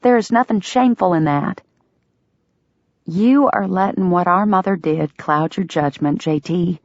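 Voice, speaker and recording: A woman reading an audiobook, voicing a spirited young woman who is indignant and quick-witted. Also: on the low side, no room sound. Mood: earnest. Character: spirited young woman, protective of her friend. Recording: dull, dry lo-fi sound.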